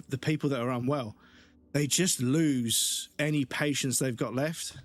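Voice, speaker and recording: Congested, sweary British man streaming. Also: mid-range voice. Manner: ranting, heavy swearing. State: congested, keeps clearing his throat. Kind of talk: casual live-stream chat.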